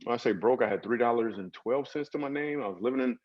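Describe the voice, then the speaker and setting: A man, a comedian guest in an interview, telling stories in a lively comic way with acted asides. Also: medium pitch, fast talker, lo-fi sound. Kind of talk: storytelling interview talk.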